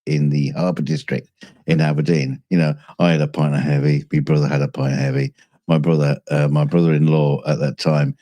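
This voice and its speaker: A man from Scotland with a Scottish accent worn down by years in England, co-hosting a casual chat and telling stories in halting, restarting bursts. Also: very deep voice, level tone, mellow, no echo. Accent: Scottish, softened by years in England. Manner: halting, many restarts, chuckling. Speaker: co-host.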